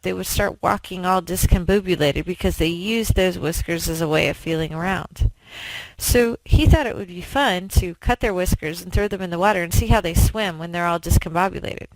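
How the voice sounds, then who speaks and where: A woman giving a talk who tells stories in an animated, conversational way with frequent fillers. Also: on the low side, no room sound, rough recording. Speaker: speaker. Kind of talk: storytelling public talk.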